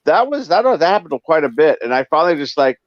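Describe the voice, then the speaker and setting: A man's voice: a little high, big pitch swings, fast, no room sound, dull audio. A man telling stories in casual chat, putting on voices for the people in them. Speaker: guest.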